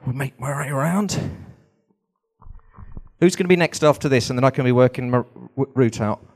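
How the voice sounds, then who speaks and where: A man hosting a live Q&A, taking audience questions with brisk, joking patter. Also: mid-range voice. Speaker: host.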